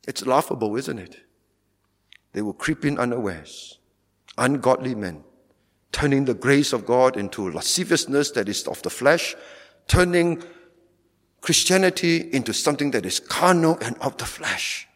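A man's voice: mid-range voice, lively intonation, unhurried, a bit bright. A man preaching a fervent sermon as pastor, repeating phrases and driving points home with rising emphasis. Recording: long hall reverb.

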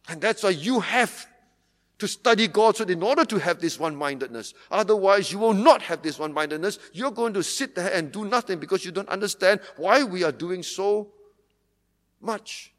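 A man's voice: high-pitched, fairly bright tone, long reverb tail. A man from Singapore, preaching a sermon as pastor with earnest, emphatic repetition.

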